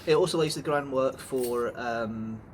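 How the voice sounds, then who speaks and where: A man's voice: medium pitch, unhurried, noisy background. A man co-hosting a casual reaction chat outdoors, with a dry, teasing manner. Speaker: co-host guest. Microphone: holding the mic.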